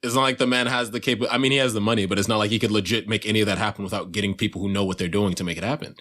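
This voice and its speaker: A man's voice: fairly low pitch, fairly even intonation, very fast, fairly bright tone. Young man, podcast co-host, rambling, self-interrupting, casual swearing. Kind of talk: casual chat.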